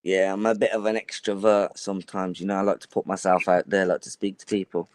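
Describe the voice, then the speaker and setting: A man's voice: low voice, flat delivery, brisk, darkish tone. A man from Birmingham with a Birmingham accent, chatting casually and using slang such as "innit" and "bro". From Birmingham, England. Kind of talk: casual chat.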